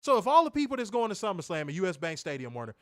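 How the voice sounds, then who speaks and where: A man's voice: high voice, wildly swooping pitch, racing, fairly bright tone, dry recording, studio quality. A man co-hosting a wrestling podcast, ranting with profanity and piling up rhetorical questions. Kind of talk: heated ranting commentary.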